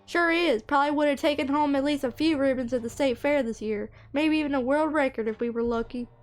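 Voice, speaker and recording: A homespun Southern farmer with an easy, polite drawl, his voice pitched high because a woman reads him out in a game playthrough. Soft music plays faintly underneath. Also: brisk, natural voice. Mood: folksy. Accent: put-on Southern US.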